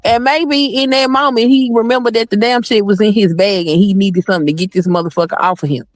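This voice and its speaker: A woman's voice: medium pitch, steady tone, quick pace, no echo. An indignant woman arguing bluntly on an online panel, swearing casually. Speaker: panel guest. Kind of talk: heated live panel debate.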